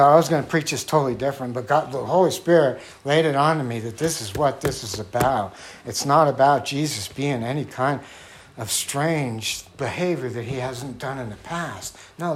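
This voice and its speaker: A man preaching a sermon in an earnest, conversational way. He acts out the voices he quotes and drops to a quiet, low tone on key phrases. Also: slight background noise.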